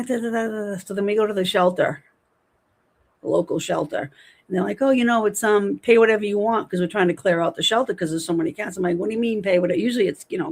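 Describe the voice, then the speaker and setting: A woman's voice: lowish voice, slightly rough. A woman in her forties hosting a casual livestream from home, chatting and rambling as she reads viewer comments aloud. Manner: chatty, rambling, animated storytelling. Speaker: livestream host.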